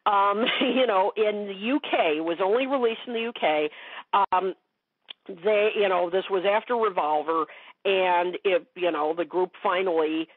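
A guest expert in a relaxed interview chat, this woman talks at a normal speed in a medium-pitched voice, filling her speech with fillers and restarts. The audio is dry and sounds like a phone call.

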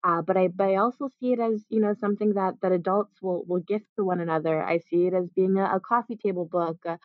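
A woman's voice: medium pitch, steady tone, fast talker, dry recording. A young woman, an author, answering interview questions over a video call, thoughtful and hesitant with many fillers. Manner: thoughtful, many "um"s and repeated words. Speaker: author and guest. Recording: dry, dull video-call audio.

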